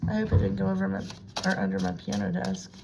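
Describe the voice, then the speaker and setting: A woman's voice: medium pitch, sing-song, fast, creaky, background noise. A woman doing a casual tarot reading at home, chatting to herself and dipping into whispers. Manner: chatty, self-talking, drifts into hushed whispers. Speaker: tarot reader. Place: home room with a piano desk.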